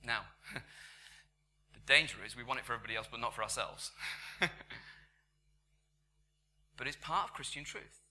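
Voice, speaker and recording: A man preaching a sermon in church, conversational, dropping to whispers and rising to loud emphatic bursts. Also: medium pitch, normal speed, pauses often, slight background noise.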